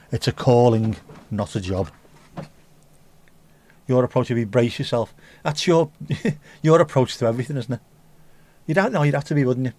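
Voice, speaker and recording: A man hosting a relaxed livestream chat in a middle-pitched voice. He riffs in crude, joking banter and swears freely. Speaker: livestream host. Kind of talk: casual pub-style livestream chat.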